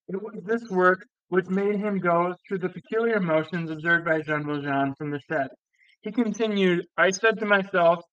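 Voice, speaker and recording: Reader: man, higher clear voice, steady audiobook narration, dull lo-fi, dry. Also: dry recording. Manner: steady, with occasional slips and restarts. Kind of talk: classic novel reading.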